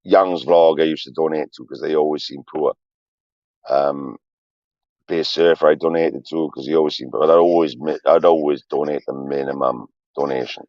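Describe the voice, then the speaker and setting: A man in his forties talks on a livestream in an extremely low, gravelly voice. He swears a lot and pours out his feelings in a rambling, confessional way. The sound is dry and a little dull. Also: fairly even intonation, moderate pace, a little mellow, no echo. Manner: profane, emotional and confessional. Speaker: streamer.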